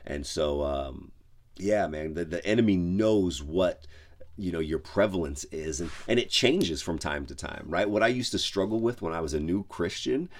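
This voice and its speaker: A man's voice: low voice, animated, moderate pace. A man who is a pastor, giving a casual devotional talk on a podcast, loose and conversational with many fillers. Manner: conversational, lots of "like" and "you know".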